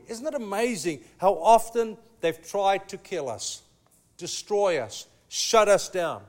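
A pastor preaching a sermon, telling a story with emphatic, slow dramatic pauses. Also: male voice, sits high, lively intonation.

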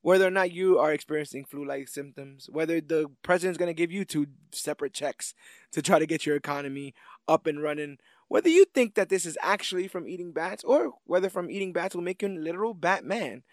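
A man's voice: on the high side, brisk, dry recording, clean studio sound. A man hosting a comics podcast, wrapping up the episode with jokes and plugs in a casual, playful way. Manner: playful, joking, rambling sign-off. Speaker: podcast host.

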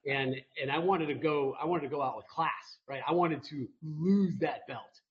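A man's voice: on the high side, moderate pace. A man telling a rambling, self-mocking story as a guest on a video call interview. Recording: muffled video call audio.

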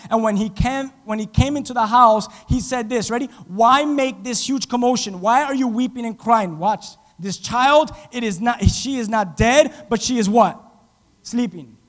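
A man preaching a sermon as pastor, dramatic, swinging from loud to hushed and acting out quotes. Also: extremely high pitch, big-room sound. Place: church.

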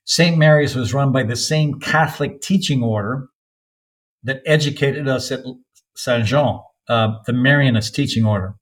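An older man from North Carolina, a soccer coach guest on a podcast, telling long anecdotes with frequent pauses. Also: medium pitch, rough recording. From North Carolina, USA. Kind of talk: podcast interview storytelling.

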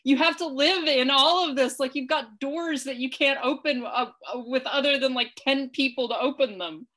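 A woman's voice: sits high, normal speed, a bit bright. A woman co-hosting a podcast, reviewing a film in casual chat. She talks animatedly, swears, and leans on filler words; she says she is tired. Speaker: podcast co-host.

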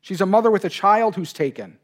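A man's voice: high-pitched, animated, brisk, fairly bright tone. Earnest male pastor preaching. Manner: earnest preaching, voices God's words with emphasis. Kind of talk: sermon.

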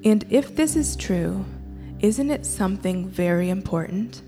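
A woman slowly reading a poem aloud in a measured way at a church gathering. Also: medium pitch, lively intonation, dark tone. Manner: slow, measured recitation. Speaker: poetry reader. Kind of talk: poetry reading. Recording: reverberant church hall, faint music.

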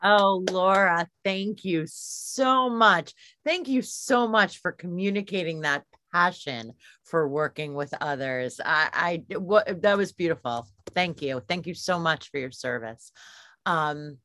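A woman's voice: on the low side, slow, sharp tone, no echo, clean studio sound. A woman chairing an online meeting, thanking the speaker and then formally reading the meeting guidelines. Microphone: video call.

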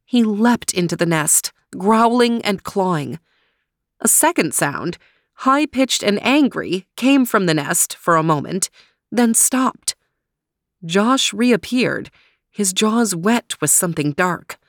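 A woman narrating a children's adventure story in a measured, expressive way. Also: mid-range voice, no echo, clean studio sound.

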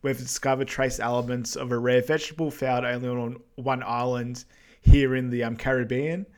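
A man of middle pitch tells a movie scene at an easy pace on a podcast. He pauses with lots of "um"s and laughs along with his co-host. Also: smooth. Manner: relaxed storytelling with many "um"s, laughs at jokes. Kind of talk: casual movie recap chat.

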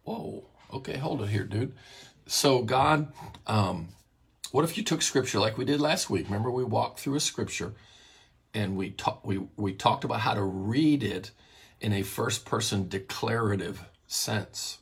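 Very husky man teaching scripture. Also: on the low side, a little slow. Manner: earnest, repeats phrases and restarts. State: morning voice, coughing. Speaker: Bible teacher. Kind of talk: sermon-style Bible teaching talk.

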